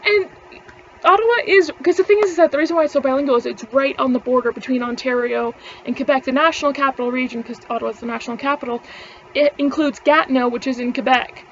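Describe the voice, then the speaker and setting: A woman's voice: high-pitched, fast, highs cut off, slight background noise. A young woman, ranting casually to camera, rambling, swearing freely and laughing between words. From Canada. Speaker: vlogger.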